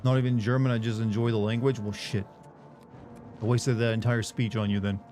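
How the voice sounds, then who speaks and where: Male streamer, mid-pitched, casual rambling chat with viewers, curses freely, faint game music under him. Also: flat delivery, darkish tone. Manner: rambling, rapid filler-heavy chatter with swearing.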